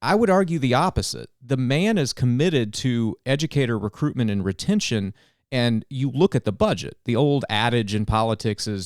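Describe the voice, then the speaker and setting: A man, a governmental affairs director explaining policy in an earnest, animated podcast chat. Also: medium pitch, no room sound, studio quality. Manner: earnest, detailed and animated, with quick restarts.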